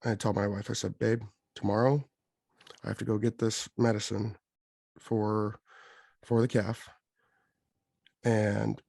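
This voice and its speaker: A man co-hosting a podcast, telling a long, rambling story in a casual, animated way. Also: fairly low pitch, unhurried, creaky, pauses often, dry recording. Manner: rambling, animated, quotes others in his telling. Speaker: podcast co-host.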